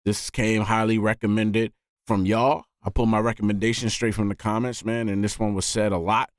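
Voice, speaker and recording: A man hosting a music reaction video, talking casually and excitedly and often saying "man". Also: on the low side, a little fast, no room sound, clean studio sound. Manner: animated, often says "man".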